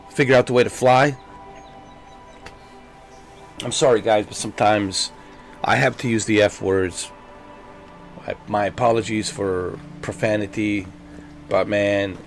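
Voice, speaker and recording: A man streaming a video game, ranting in frustration, repeating himself, swearing and then apologizing to his viewers. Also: on the low side. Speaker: gaming streamer. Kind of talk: frustrated live gameplay commentary.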